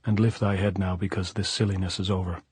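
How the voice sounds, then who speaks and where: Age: middle-aged. Figure: a big, gruff guerrilla woman with a blunt, old-fashioned way of speaking, as a male narrator puts her on in an audiobook. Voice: low and husky. Sound: dry and close. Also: little pitch movement, fast talker, dry recording. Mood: brusque. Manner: blunt, archaic thee-and-thou speech.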